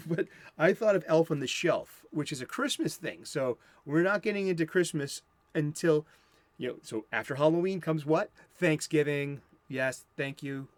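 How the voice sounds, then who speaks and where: A man's voice: on the high side, normal speed, no room sound. Rambling American man hosting comics chat. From United States. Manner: rambling, profane, self-interrupting. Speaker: comic book show host.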